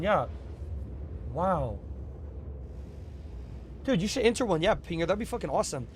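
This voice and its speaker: A young man streaming a space game live, chatting casually with his viewers, his voice a bit strained from yelling, with bursts of excitement. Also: high voice, moderate pace, long pauses, a little hiss or hum. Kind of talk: casual live gameplay commentary.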